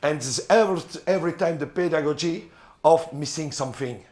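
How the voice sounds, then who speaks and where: A middle-aged man with a French accent, a volleyball coach, gives a seminar talk in English to a room of coaches, his slightly mellow voice unusually high for a man. He speaks in halting bursts, often stalling on fillers as he searches for words.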